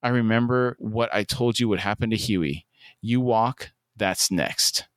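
A man's voice: lowish voice, measured pace, no echo, clean studio sound, lightly acted. A man voicing an arrogant, menacing superhero while reading a scene.

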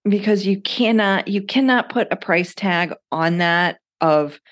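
A woman's voice: mid-range voice, a little slow. A woman in her thirties hosting a podcast, talking casually and bluntly and swearing freely. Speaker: podcast host. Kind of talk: casual solo podcast talk.

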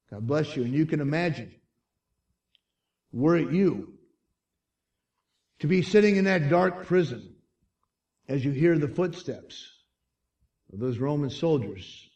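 Dramatic slow-speaking male preacher. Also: on the high side, expressive, recorded from a distance. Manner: dramatic storytelling, swinging from hushed to shouted. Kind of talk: sermon.

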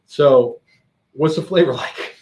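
A man hosting a casual chat show, telling stories in an animated way and acting out what people said. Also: on the high side, slow. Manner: animated storyteller, acts out quotes loudly. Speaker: podcast host.

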